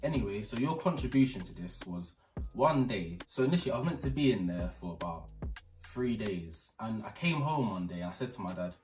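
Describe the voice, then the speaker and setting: Young british guy telling a story at home, low voice, echoey room. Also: a little fast, distant mic. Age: young adult. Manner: rambling and animated, retelling the story with quotes. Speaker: channel host. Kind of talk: casual storytelling chat. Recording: roomy, off-mic, faint music behind.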